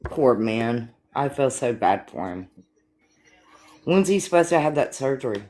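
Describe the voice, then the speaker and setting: Slow-talking older woman host. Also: very deep voice, animated, mellow. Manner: laughing, swearing, storytelling. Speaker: live stream host. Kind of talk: casual chat. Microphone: phone or computer for live stream.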